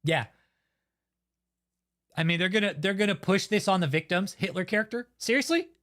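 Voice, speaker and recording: A man's voice: sits high, animated, normal speed, a bit bright. A man hosting his own channel, delivering a heated, heavily profane and blunt rant of commentary. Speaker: channel host. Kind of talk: angry ranting commentary.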